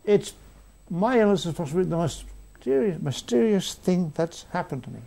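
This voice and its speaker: A man's voice: high voice, lively intonation, moderate pace, creaky, dark tone. An older man telling rambling, self-mocking anecdotes as an interview guest. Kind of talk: conversational interview. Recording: archive broadcast.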